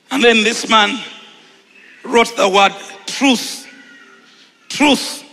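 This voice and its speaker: A Ugandan man preaching a sermon, shouting and repeating phrases with exuberance, then settling into a relaxed storytelling tone. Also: extremely high pitch, very slow, creaky, long reverb tail.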